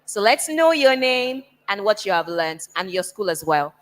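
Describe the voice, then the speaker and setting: A woman hosting a youth event, lively and coaxing as she calls up students and introduces speakers. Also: medium pitch, normal speed, big-room sound, low-quality recording. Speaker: master of ceremonies.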